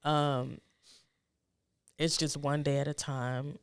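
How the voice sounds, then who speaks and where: A middle-aged woman with a gravelly, rough-edged voice shares a personal story as a guest. She talks in a soft, halting, reflective way and turns urgent when she offers advice. Her voice sounds dry and close, with no room around it. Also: sits low, little pitch movement, no echo.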